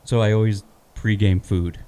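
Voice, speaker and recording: A man's voice: fairly low pitch, fairly even intonation, moderate pace, warm tone. A man co-hosting a podcast, talking in a laid-back, rambling way. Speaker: podcast co-host. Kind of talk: casual chat.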